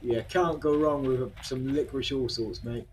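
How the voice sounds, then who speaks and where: An older man chats through a game playthrough in a loose, rambling way. His voice sits at an ordinary pitch for a man. The recording has a clear hiss of noise underneath. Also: fairly even intonation, normal speed. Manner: chatty, rambling, says "mate" often. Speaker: gaming channel host. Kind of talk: casual game commentary.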